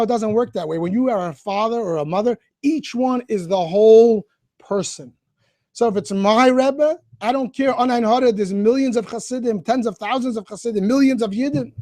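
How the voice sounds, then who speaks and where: A middle-aged man speaks as a rabbi to schoolchildren, spinning an animated story and calling out to them directly. His voice sits fairly high for a man. The sound is dry and close, with no room around it. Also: moderate pace, no room sound. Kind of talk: storytelling talk.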